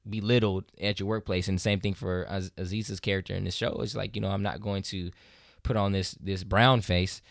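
A low-pitched American man with vocal fry co-hosts a podcast, speaking a little fast in a casual, conversational way full of fillers. He becomes animated when retelling stories, and the studio-quality audio has no room sound.

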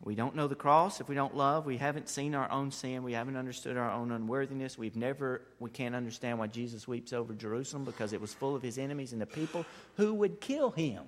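A man preaching a sermon with passion, building to loud emphatic peaks and then dropping low and quiet. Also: brisk, hardly any pauses. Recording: long hall reverb.

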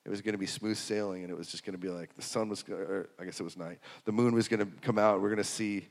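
A man preaching a sermon, swinging from hushed to loud and repeating phrases for emphasis. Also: lowish voice, steady tone, quick pace, creaky. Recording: long hall reverb.

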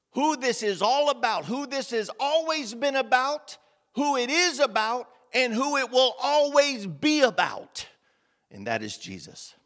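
A man's voice: high-pitched, fairly bright tone, long reverb tail. A man preaching a sermon in a church, emphatic, with many rhetorical questions and repetitions.

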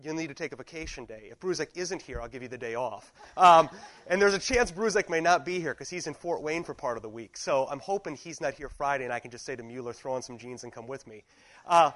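A man's voice: mid-range voice, animated, fast, fairly bright tone, poor audio. A man, a teacher in his thirties, chatting casually to a class, rambling through anecdotes and cutting himself off mid-sentence. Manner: rambling, anecdotal, self-interrupting.

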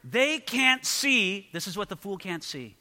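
A man preaches through a passage of scripture in an earnest, questioning way, turning often to ask the listeners directly. His voice sits high and sounds bright. It carries a long reverb, as if heard in a large hall. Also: big pitch swings, a little slow. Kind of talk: expository sermon.

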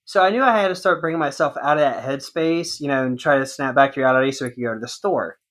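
A man co-hosting a casual podcast chat, telling a long personal story in an animated way. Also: mid-range voice, quick pace. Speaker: podcast co-host.

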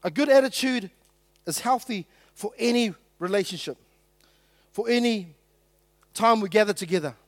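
High-voiced New pastor preaching casually. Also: male voice, moderate pace, long pauses, dry recording, clean studio sound. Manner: conversational, joking with the congregation, acting out quotes. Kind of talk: sermon.

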